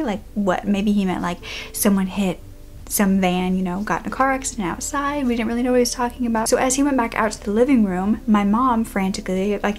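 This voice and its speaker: A young YouTuber with a medium-pitched voice tells a true-crime story from her childhood to camera. She's casual and animated, sometimes dropping to a hushed whisper at the tense moments.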